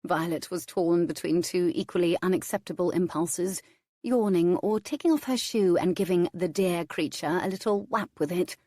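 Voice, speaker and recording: A woman narrating a historical romance in a measured, lightly wry manner on a close studio mic. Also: fairly low pitch, mellow, dry recording. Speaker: audiobook narrator.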